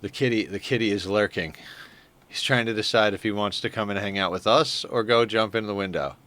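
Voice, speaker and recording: A man's voice: lowish voice, brisk, fairly bright tone. A man chatting casually on a live game stream, rambling and easily flustered. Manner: rambling, flustered, self-deprecating. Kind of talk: casual live-stream chat while playing.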